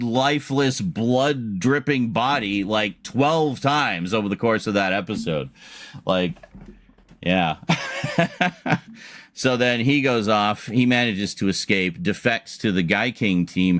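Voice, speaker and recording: A man's voice: fairly low pitch, fairly bright tone, no echo. A man streaming a casual chat, telling a long story in a rambling way with laughs and restarts.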